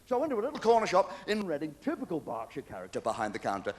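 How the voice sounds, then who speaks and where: Older English stand-up comedian, high lively voice, cheeky chatty delivery, hissy 90s VHS recording. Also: male voice, very fast, in a large hall. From England. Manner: cheeky, chatty joke-telling with chuckles. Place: theatre stage with a live audience. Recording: noisy 1990s VHS stage recording.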